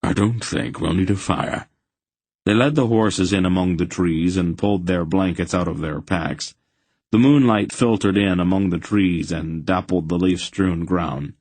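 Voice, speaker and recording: Deep-voiced male audiobook narrator. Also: normal speed, a little mellow, no room sound. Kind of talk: scripted narration.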